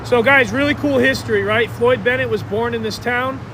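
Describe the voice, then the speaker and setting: A man's voice: extremely high pitch, normal speed. A man hosting a live stream outdoors in a town square, talking straight to his viewers in an upbeat way on a phone camera. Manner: upbeat, addresses viewers directly, hypes the stream. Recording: noisy outdoor street sound.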